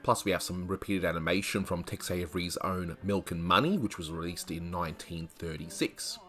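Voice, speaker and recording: Over music, a low-voiced man at a moderate pace reviews an old cartoon. An animation reviewer, he keeps his video commentary conversational, thinking aloud with asides and hedges.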